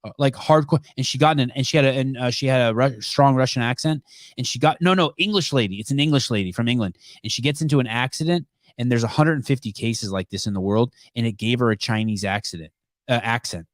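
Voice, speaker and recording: A man hosts a live call-in show, talking bluntly and swearing freely as he rambles. His voice sits at an ordinary middle pitch. It is recorded dry and close, with no room sound. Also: quick pace, no echo. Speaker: podcast host taking calls.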